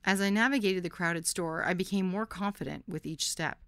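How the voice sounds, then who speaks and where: A woman hosting a podcast reads her own memoir in a candid, lively storytelling manner. Her voice sits low, and the recording is dry and close with no room sound. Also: moderate pace, no echo. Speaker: podcast host. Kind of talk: first-person memoir narration.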